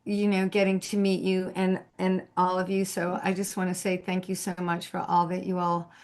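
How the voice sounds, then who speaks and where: A woman's voice: lowish voice, monotone, moderate pace, darkish tone. A woman hosting a video call, affirming and effusive, with frequent agreeing murmurs.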